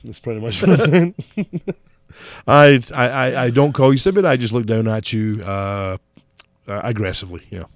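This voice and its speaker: A podcast co-host with a softened Scottish accent who swears freely and jokes in a dry, sardonic way. His voice sits at an ordinary pitch for a man. The recording is dry, with little room sound. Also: normal speed, dry recording. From Scotland. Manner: profane, joking, sardonic. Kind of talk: casual chat.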